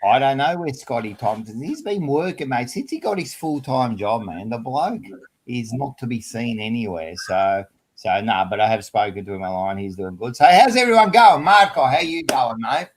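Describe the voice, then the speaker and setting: Casting note: Australian male host, relaxed and chatty, mid-pitched voice. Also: moderate pace, breathy edge. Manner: laid-back, chatty, says mate and man a lot. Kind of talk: casual live-stream chat.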